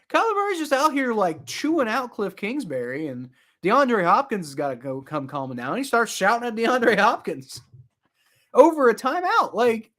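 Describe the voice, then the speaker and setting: A young man giving casual live play-by-play reaction to a football game, rambling with many fillers and getting loud and exasperated at times. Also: very high-pitched, sing-song, normal speed. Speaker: sports reaction streamer.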